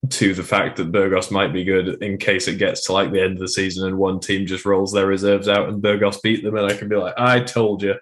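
A man co-hosting a sports podcast, talking through games in a measured, analytical way with frequent hesitations. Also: low voice, little pitch movement. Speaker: podcast co-host. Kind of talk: casual sports chat.

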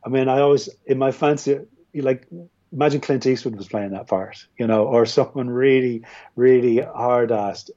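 An Irish filmmaker, a guest on a podcast, talking casually about films in a rambling way with frequent restarts. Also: male voice, medium pitch, moderate pace, dark tone. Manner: rambling, with many restarts and fillers. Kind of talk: casual film discussion. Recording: dull, muffled audio.

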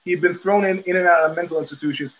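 Middle-aged male host, high-pitched, swearing storyteller who acts out every quote. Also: quick pace, rough recording. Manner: profane, animated storyteller acting out quotes. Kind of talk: storytelling monologue.

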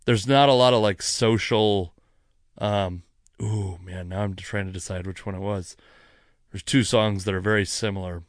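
A man hosting a podcast, telling a rambling story in a casual, animated way, cursing freely, with many asides, while sipping wine. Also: lowish voice, normal speed, dry recording, clean studio sound. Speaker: podcast host.

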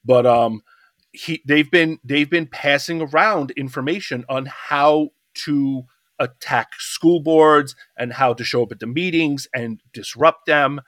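A man's voice: on the high side, measured pace, a bit bright, no echo, studio quality. A middle-aged man co-hosting a podcast, talking in a casual roundtable discussion, impassioned and rambling with restarts. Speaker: podcast co-host.

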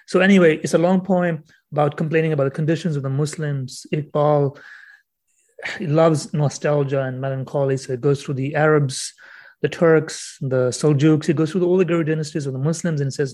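A man, a guest author on a podcast, explaining in a casual, animated storytelling way and acting out the voices he quotes. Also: a little high, a little fast.

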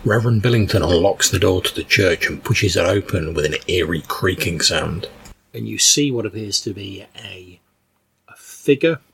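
A man's voice: fairly low pitch, vocal fry, a bit bright, slightly rough. A man as game master, narrating a tabletop game in a loose, casual way full of fillers.

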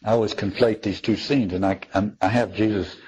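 A man's voice: on the low side, fairly even intonation, brisk, darkish tone, low-quality recording. A man giving a reflective spoken talk on theology, thoughtful and wry, often restarting his sentences. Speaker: speaker on theology.

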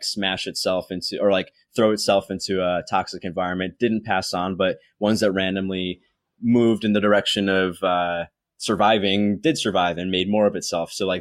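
Rambling man with a low, dry voice. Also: no echo. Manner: rambling, many fillers and restarts. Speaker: podcast host. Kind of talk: casual explanatory monologue.

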